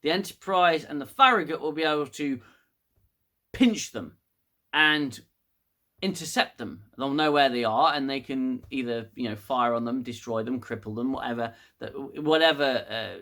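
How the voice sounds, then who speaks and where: Bright-voiced man ranting a review. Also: medium pitch, normal speed. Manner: rambling, frustrated, frequent restarts and swearing. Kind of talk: casual review monologue.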